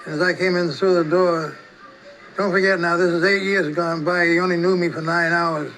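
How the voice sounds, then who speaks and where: An older man telling a personal story in a relaxed, rambling way, often restarting his sentences. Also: high voice, moderate pace, low-quality recording. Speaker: storyteller recalling his past. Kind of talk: casual spoken reminiscence.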